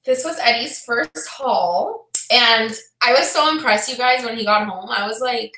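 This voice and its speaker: A woman vlogger telling a story to her viewers in a loud, animated, excitable way. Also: on the high side, measured pace, roomy sound, poor audio. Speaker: vlogger host. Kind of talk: casual storytelling to the camera.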